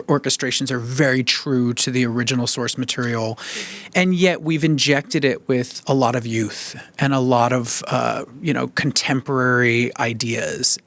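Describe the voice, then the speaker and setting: A male stage actor in a press interview, chatty and eager, often tripping over his words and starting his sentences again. His voice sits at an ordinary middle pitch. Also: a bit bright. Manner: chatty, enthusiastic, stumbles and restarts.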